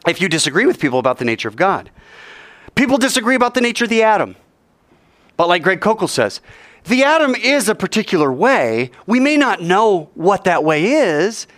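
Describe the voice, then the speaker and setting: A man tells Bible stories to a class with a jokey, vivid delivery and talks right to his listeners. His slightly high voice leaps up and down constantly. The sound is dry and close. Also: fairly bright tone, dry recording. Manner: joking, vivid, addresses listeners directly. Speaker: Bible teacher. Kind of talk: animated storytelling lesson. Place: hot indoor room.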